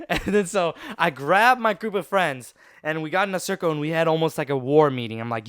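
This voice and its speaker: A young man hosting a gaming channel, telling a story casually over gameplay, animated and dramatic, with sound effects and voiced quotes. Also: a little high, a little fast, clear, resonant tone, dry recording, clean studio sound.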